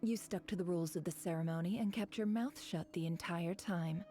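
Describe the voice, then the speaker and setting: A woman's voice: fairly low pitch, fairly quick, warm tone, soft background music, close to an everyday voice. An actress playing a sardonic, bossy woman employer in a video game, talking in a dry, teasing, commanding way.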